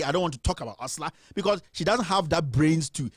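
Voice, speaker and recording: Impassioned Ghanaian man, high voice. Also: lively intonation, fast talker, no echo, clean studio sound. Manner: impassioned, indignant, repetitive ranting. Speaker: commentary host. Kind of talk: passionate political commentary.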